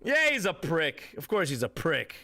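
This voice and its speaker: A man's voice: fairly high pitch, huge pitch swings, moderate pace, sharp tone. A man live streaming, ranting at his chat with heavy swearing, mocking viewers and laughing often. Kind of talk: profane rant at live chat.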